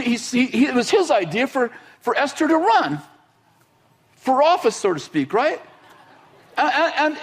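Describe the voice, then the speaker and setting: A man's voice: extremely high pitch, slightly rough. A man preaching a sermon in a loose, conversational way, acting out quoted voices as he goes. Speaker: pastor.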